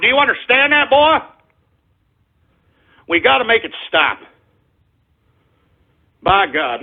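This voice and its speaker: A man with a very high, husky voice delivers an angry talk radio rant, swearing and shouting at his audience. The sound is thin and tinny, like a phone line. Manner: impassioned, profane, repeatedly shouting at listeners. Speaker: radio show host. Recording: narrow phone-like lo-fi audio.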